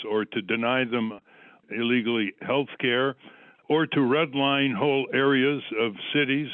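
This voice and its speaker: A man's voice: mid-range voice, no echo. A man hosting a radio talk show, interviewing a guest and arguing his case in numbered, emphatic points. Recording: dry tinny phone-like line.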